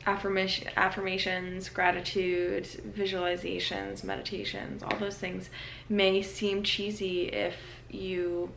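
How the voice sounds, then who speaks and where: Young female vlogger, chatty and easygoing, a touch of fry, middle pitch. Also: flat delivery, measured pace, a bit bright, a little hiss or hum. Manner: chatty, self-aware, with many fillers. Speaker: lifestyle vlogger. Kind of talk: casual vlog chat. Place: her apartment.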